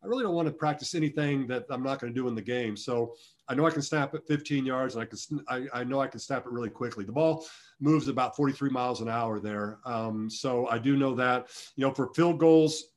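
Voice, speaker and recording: A middle-aged man speaking at an everyday middle pitch, telling long stories as an interview guest. He rambles, restarts his sentences often and pokes fun at himself. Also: brisk. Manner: rambling, self-deprecating, frequent restarts. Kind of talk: conversational storytelling interview.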